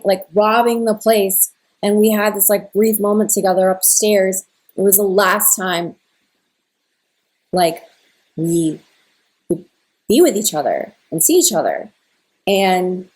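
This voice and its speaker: Her voice is mid-range and somewhat mellow as this young spiritual content creator rambles through a personal story. She leans on "like" again and again while retelling a conversation with feeling.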